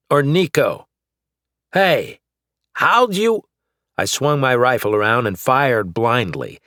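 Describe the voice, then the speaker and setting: Low-voiced male audiobook narrator. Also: a bit bright, dry recording, clean studio sound. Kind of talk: scripted first-person narration.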